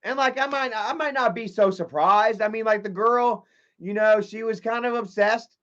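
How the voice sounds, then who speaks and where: High-voiced man telling a rambling story. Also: moderate pace, fairly bright tone. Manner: rambling, profane, reads chat aloud. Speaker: streamer. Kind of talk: livestream storytelling. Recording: dull lo-fi stream audio.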